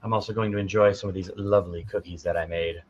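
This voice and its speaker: A man co-hosting a casual chat, laid-back and quick to laugh. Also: low voice, steady tone, highs cut off, a little hiss or hum. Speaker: co-host.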